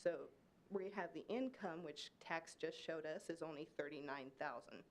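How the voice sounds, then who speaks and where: A woman's voice: low-pitched, moderate pace, slight background noise. A woman from Kansas speaking during public comment at a city meeting, pleading and emotional, her voice rising. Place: city commission meeting room.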